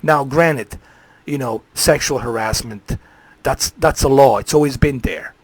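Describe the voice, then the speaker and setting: A man's voice: medium pitch, a little slow, no room sound. Profane ranting male streamer, dry sound. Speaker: live streamer. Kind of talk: ranting live stream monologue.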